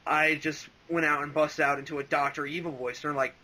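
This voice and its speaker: Young dude rambling thru an interview, bright voice, tons of likes and ums. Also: male voice, on the high side, flat delivery, brisk, poor audio. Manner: rambling, full of "like" and "um", laughs often. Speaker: interview guest, fan voice actor. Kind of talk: casual interview chat.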